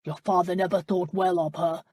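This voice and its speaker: A woman's voice: on the low side, level tone, normal speed, dark tone, no room sound, lightly acted. Woman reading a defensive deceitful older man. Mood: justifying. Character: deceitful aging man, former false lord.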